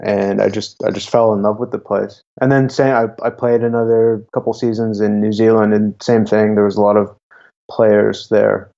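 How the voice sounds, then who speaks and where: Young man, gravelly low voice, dull lo-fi audio. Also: little pitch movement, warm tone. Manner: halting, with frequent restarts. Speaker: guest, YouTuber. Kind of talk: casual interview talk.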